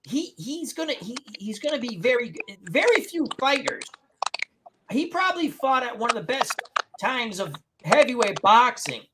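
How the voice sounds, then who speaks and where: A man's voice: very high voice, very animated, normal speed. A man hosting a casual live-stream chat, rambling and opinionated, restarting sentences often. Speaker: host. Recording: noisy home mic.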